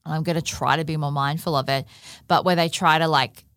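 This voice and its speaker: A woman's voice: low voice, fairly even intonation, fairly quick, fairly bright tone, dry recording, studio quality. A woman hosting a solo podcast, talking frankly and casually, with swearing and many fillers like "like" and "you know". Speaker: podcast host. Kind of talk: candid solo podcast monologue.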